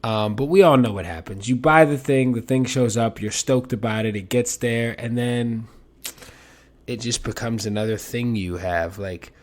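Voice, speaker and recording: A man hosting his own podcast alone, rambling and self-mocking in a casual monologue with big swings in loudness. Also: medium pitch, moderate pace. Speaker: podcast host.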